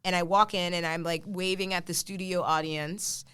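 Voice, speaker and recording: A woman telling an animated story in casual chat, acting out the lines of people she quotes. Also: on the low side, normal speed, smooth. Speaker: podcast guest.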